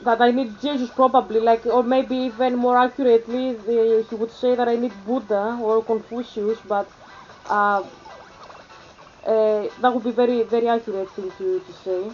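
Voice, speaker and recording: A woman's voice: on the high side, steady tone, muffled recording, slight background noise. Greek woman rambling in a vlog. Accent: Athenian Greek. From Greece. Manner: halting, many fillers and restarts. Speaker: vlogger. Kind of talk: rambling casual vlog chat.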